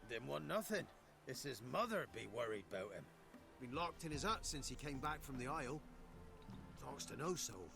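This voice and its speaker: An actor playing a suspicious old male villager in a video game, talking in rough rural speech. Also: mid-range voice, sing-song, normal speed. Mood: dour. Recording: game audio over music.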